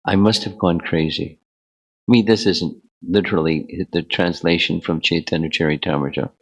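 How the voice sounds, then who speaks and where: A man giving a devotional lecture as a spiritual teacher, relaxed and bantering with his audience. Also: deep voice, normal speed, low-quality recording.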